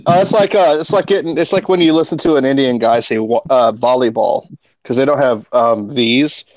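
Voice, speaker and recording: A man's voice: medium pitch, fairly quick, no echo, highs cut off. A man telling jokes and stories in a casual group video chat, often laughing. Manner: joking storyteller, laughs at his own jokes.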